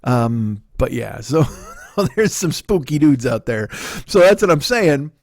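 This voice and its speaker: A man's voice: mid-range voice, very animated, slow, darkish tone, no echo, studio quality. A middle-aged man with a Chicago accent, hosting a comedy podcast in a rambling, profane storytelling monologue. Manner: profane, loose storytelling with frequent fillers.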